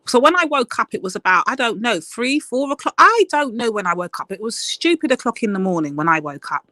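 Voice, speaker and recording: Bright, blunt woman ranting. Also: mid-range voice, dry recording. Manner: blunt, swearing, rapid storytelling. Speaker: live stream panel host. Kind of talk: heated live stream rant.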